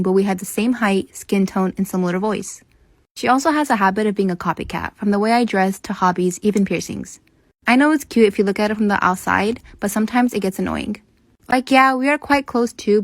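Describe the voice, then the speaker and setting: A woman reading an online advice post aloud in a steady, even delivery. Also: mid-range voice, quick pace, no room sound.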